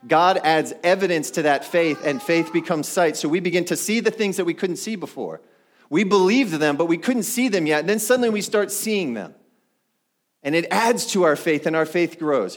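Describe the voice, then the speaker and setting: A man's voice: fairly high pitch, animated, normal speed. A middle-aged male pastor preaching a sermon in a conversational way, often putting questions to the congregation.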